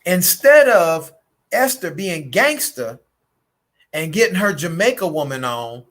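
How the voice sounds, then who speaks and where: This relationship coach has a fairly high pitch and speaks a little slowly. Hosting a late-night chat about relationships, he welcomes viewers by name and performs a Bible story like a lively sermon, voicing each character.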